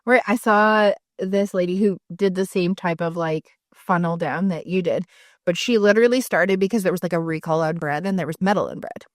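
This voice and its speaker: A woman co-hosting a podcast in casual chat, telling stories lively and acting out the people she quotes. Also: lowish voice, fairly quick, no echo, clean studio sound. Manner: animated storyteller, acts out quoted people. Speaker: podcast co-host.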